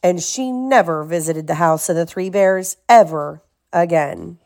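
A young mother reading a picture book aloud to her child at bedtime, with playful, expressive delivery. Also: lowish voice, unhurried. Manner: expressive, playful character voices.

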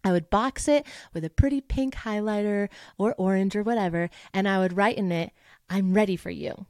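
A woman voice teacher hosts a solo podcast in a casual, upbeat, motivational tone, acting out the thoughts she quotes. Her medium-pitched voice is a little fast and darkish, recorded with clean studio sound and no room echo.

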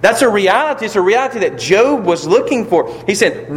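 A man's voice: high voice, very animated, fairly quick, hardly any pauses. A man preaching a sermon, building to emphatic peaks and asking rhetorical questions, in a church or funeral hall. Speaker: pastor. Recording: long reverb of a large hall.

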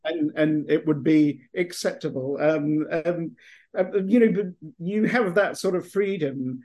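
A middle-aged man with an English accent, speaking in a fairly high voice for a man. He rambles in long, winding answers, full of restarts and fillers, as a podcast guest. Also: a little slow, darkish tone. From England. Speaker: author guest. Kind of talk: podcast interview.

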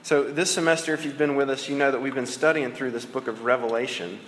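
A man's voice: medium pitch, fairly even intonation, fast talker, a little hiss or hum. Conversational male preacher in an echoey hall. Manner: conversational, many fillers and restarts. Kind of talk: sermon. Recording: echoey hall with long reverb.

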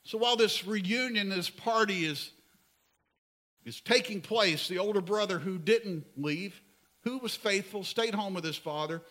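Male pastor delivering a sermon; bright, high voice, earnest and pleading. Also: a little slow. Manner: earnest, pleading, dropping to soft emphasis.

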